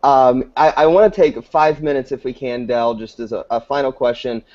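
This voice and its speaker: A man hosting an interview, wrapping up and putting a final question to his guest in a relaxed, conversational way. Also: mid-range voice, normal speed. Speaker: show host. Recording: dull lo-fi audio.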